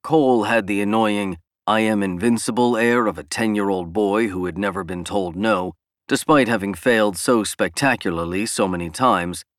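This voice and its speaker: A man narrating a novel as an audiobook in an even, measured reading. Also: on the low side, dry recording, clean studio sound.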